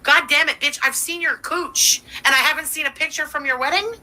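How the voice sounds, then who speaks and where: A woman's voice: sits high, fairly even intonation, fairly quick, bright, forceful tone, poor audio. A woman hosting a livestream, giving profane, sarcastic running commentary while thanking viewers. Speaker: livestream host.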